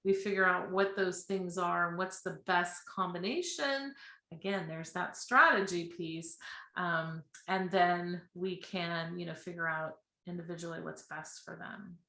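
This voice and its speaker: Woman, financial advisor guest, earnest, chatty, bright tone, roomy echo, remote call. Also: lowish voice, steady tone, a little slow, creaky. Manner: earnest, chatty, laughs readily. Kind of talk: casual interview. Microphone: remote live-stream call. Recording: echoey room.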